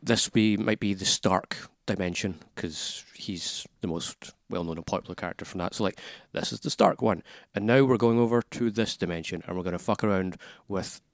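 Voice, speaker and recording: Gravelly podcast co-host. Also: male voice, sits low, normal speed, few pauses, no echo, studio quality. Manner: rambling, joking, trails off with fillers. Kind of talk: casual chat.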